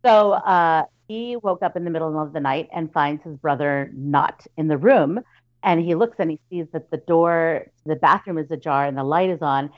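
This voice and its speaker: A woman's voice: sits low, normal speed, dull audio. Woman telling a family story. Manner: chatty, many fillers and restarts, acts out relatives' voices. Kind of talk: casual storytelling.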